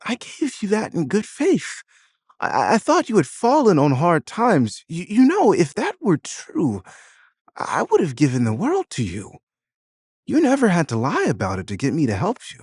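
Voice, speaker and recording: A man's voice: medium pitch, very animated, slow, darkish tone, no room sound, pitched above the performer's own voice. A man voicing a hurt, tearful middle-aged mother in an audio drama, stammering as she talks. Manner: trembling, stammering.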